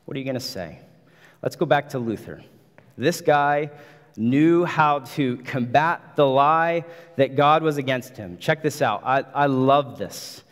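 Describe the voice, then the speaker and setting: A man's voice: medium pitch, slow, big-room sound. A man preaching a sermon as pastor, emphatic, repeating phrases and building intensity.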